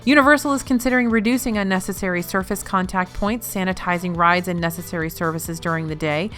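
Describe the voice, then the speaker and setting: A woman's voice: on the low side, fairly bright tone. A woman hosting a weekly news roundup, reading in a news-anchor style with playful asides. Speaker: news host.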